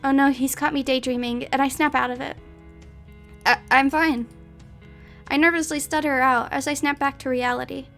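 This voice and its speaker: A woman's voice: sits high, flat delivery, fast talker, creaky, hardly any pauses, a bit bright, faint music behind. A young woman reading a story aloud and breaking off for giggly, chatty asides full of "like".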